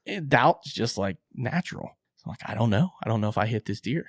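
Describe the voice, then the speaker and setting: A man co-hosting a podcast, excitedly telling a hunting story, acting out his own quotes and swearing casually. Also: mid-range voice, a little fast, creaky, dry recording, studio quality.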